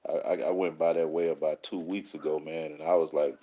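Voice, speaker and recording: Very deep husky man, laid-back. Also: little pitch movement, fairly quick, hardly any pauses, mellow. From Texas. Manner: laid-back street slang, rhyming sayings. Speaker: call-in show host. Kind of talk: casual monologue answering listeners.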